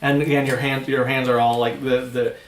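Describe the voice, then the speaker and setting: A man narrating as game master of a tabletop game, with slow, searching descriptions full of restarts. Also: medium pitch, little pitch movement. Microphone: older home recording setup. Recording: echoey room, faint noise.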